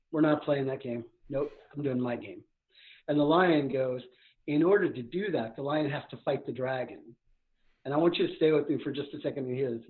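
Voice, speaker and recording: A man coaching a guest in a live podcast conversation, talking very fast and with high energy. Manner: fast, energetic, talks a million miles an hour. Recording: tinny phone-like remote line.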